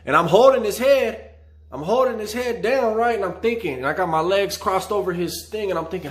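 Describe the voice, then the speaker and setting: Animated man telling a street story. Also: high voice, a little fast. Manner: animated street slang, vivid retelling. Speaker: channel host telling a prison story. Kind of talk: casual storytelling vlog.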